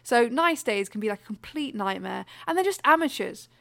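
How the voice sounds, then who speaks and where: A woman co-hosting a podcast, ranting in animated, exasperated bursts in casual chat. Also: fairly high pitch, fairly quick, gravelly, dry recording. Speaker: podcast co-host.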